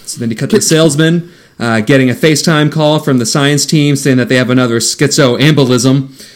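A man's voice: mid-range voice, fairly quick. Laid-back man recapping a movie plot. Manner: jokey, laughs mid-sentence, trails off. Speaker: podcast co-host recapping a film. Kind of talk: casual chat, plot recap.

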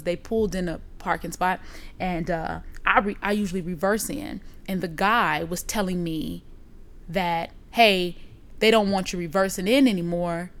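A woman in casual chat, telling a story with lots of profanity and acting out what people said. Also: on the low side. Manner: animated storytelling, profane, acts out quotes.

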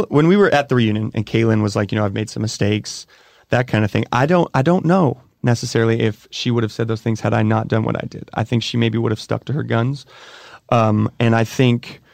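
A man in his thirties, a podcast guest talking candidly in a halting, emotional way, often restarting his sentences. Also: medium pitch, vocal fry, a little mellow, no echo. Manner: emotional, halting and repeating himself. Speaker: interview guest. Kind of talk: candid conversation.

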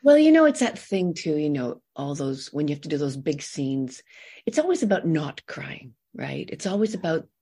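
A woman from Canada, an actress guest, chatting and telling animated stories in an interview. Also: low-pitched, moderate pace, slightly rough. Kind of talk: casual interview storytelling.

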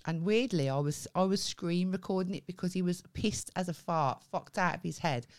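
A woman's voice: fairly low pitch, moderate pace. A woman co-hosting a podcast, telling a story with lots of swearing and acted-out dialogue in a casual chat. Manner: animated storytelling, swears freely, acts out quoted dialogue. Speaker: podcast co-host.

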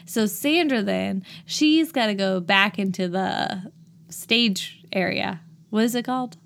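A young woman co-hosting a podcast, giving a casual, animated movie recap that turns giggly and exasperated. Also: mid-range voice, slow, vocal fry. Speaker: podcast co-host.

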